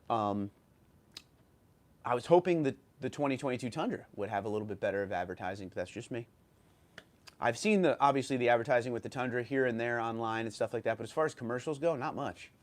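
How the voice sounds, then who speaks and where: A man with a New York accent talks casually into his livestream at an ordinary mid pitch. He thinks aloud as he reads viewer comments, with loose fillers and restarts. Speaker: livestream host.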